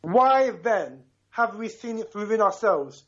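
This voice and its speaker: A man's voice: high-pitched, lively intonation, slow, fairly bright tone, muffled recording. A man in his fifties from Ghana calling into a radio talk show, talking emphatically and passionately, often checking in with "right?". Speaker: caller.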